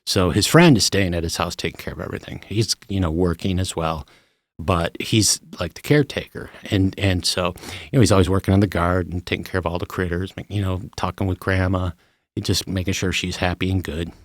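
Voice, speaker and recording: A man's voice: low voice, fairly quick, dry recording, studio quality. A middle-aged man hosting a podcast, talking casually and telling stories with emphasis. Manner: animated, emphatic storyteller. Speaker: podcast host. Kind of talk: casual chat.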